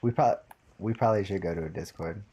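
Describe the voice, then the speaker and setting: A man's voice: deep voice, fast talker, mellow, husky, highs cut off. A young man chatting casually on a live stream, swearing now and then as he sets up his audio.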